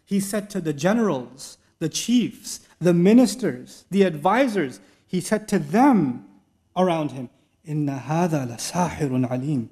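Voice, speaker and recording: A man's voice: sits high, big pitch swings, measured pace, darkish tone. A man giving a sermon lecture, retelling a story animatedly with rhetorical questions. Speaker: Islamic speaker.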